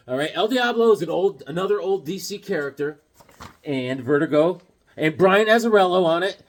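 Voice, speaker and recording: A man of fairly high pitch speaks at a moderate pace, casually relating a childhood memory and presenting comics from his collection. He acts out yelps and various voices as the story unfolds, staying animated throughout.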